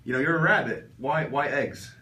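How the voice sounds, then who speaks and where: A man's voice: mid-range voice, normal speed, pushed and bright. A young man playing a jokey student interviewer who probes with hesitant fillers in a comedy sketch. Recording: roomy echo, far from mic, faint ambience.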